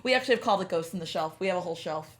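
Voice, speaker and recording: A woman's voice: lowish voice, lively intonation, rapid-fire. A woman co-hosting a casual film podcast, chatty and playful, laughing often. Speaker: podcast co-host. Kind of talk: casual film-discussion chat.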